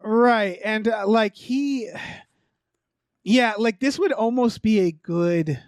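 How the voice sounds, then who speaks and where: A man's voice: high-pitched, slow, clear, resonant tone, no echo, studio quality. A man co-hosting a podcast, chatting loosely about movie trailers with lots of fillers, profanity and laughs. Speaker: podcast co-host. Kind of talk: casual movie chat.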